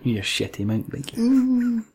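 A man's voice: very high-pitched, wildly swooping pitch, slow, darkish tone. A Scottish man co-hosting a casual film review chat, sweary and laughing, acting out silly voices. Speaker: podcast co-host.

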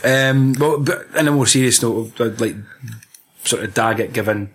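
A man's voice: mid-range voice, normal speed, fairly bright tone, breathy edge. A Scottish man chatting casually about a film, swearing freely and acting out scenes. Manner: swearing, laughing, acting out lines.

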